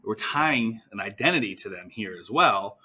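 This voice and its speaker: Lebhafter Mann, Coaching-Vortrag. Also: male voice, on the low side, normal speed, slightly rough. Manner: energetic, acts out both sides of the call. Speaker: physical therapy business coach. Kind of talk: instructional talk with role-played call examples.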